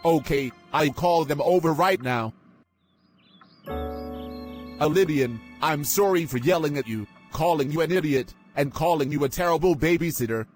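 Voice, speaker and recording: A man's voice: on the high side, moderate pace, natural voice. A man voicing a bossy, hot-tempered young guy. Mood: apologetic. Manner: shouting insults, then earnest apologies. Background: music.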